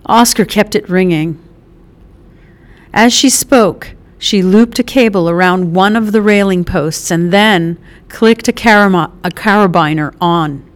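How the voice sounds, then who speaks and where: A woman's voice: mid-range voice, a little slow. A woman reading a novel aloud as an audiobook narrator, lightly voicing the characters, with small restarts.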